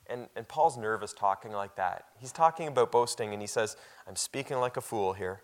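A man preaching a sermon in a conversational way, often repeating words and growing much louder and higher when he reads scripture aloud. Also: animated, a little fast, few pauses.

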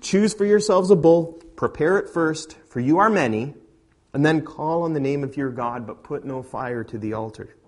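A male preacher voicing a bold, defiant male prophet, speaking loud and ringing in a dramatic sermon retelling. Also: on the high side, normal speed, voice pushed up, natural voice. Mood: commanding.

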